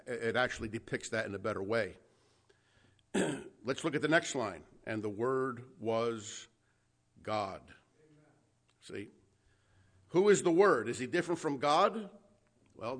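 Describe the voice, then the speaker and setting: A man's voice: mid-range voice, a bit bright. A man preaching an expository sermon, teaching a Bible text with emphasis, stretching out key words and asking his listeners questions.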